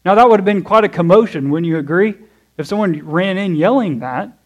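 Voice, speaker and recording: A man's voice: high-pitched, expressive, brisk. A man preaching a morning sermon in church, walking through a passage and asking the congregation questions. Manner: conversational, checks in with "okay?" and "right?"; asks questions to the audience and answers them. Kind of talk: expository sermon.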